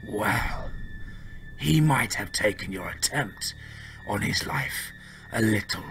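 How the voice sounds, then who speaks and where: Horror story villain as a man puts him on: dry, creeping, half-whispered, low voice, faint music. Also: animated, slow pace, a bit bright, full character voice. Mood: menacing. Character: sinister, mocking man holding captives.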